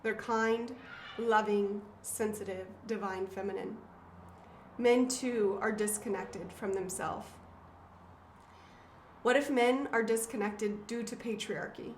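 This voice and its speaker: A woman's voice: mid-range voice, takes it slowly. A woman in her thirties, the author and host, talking casually and reading passages from her own book in an earnest, emotional way with frequent fillers and restarts. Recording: roomy echo, faint background noise.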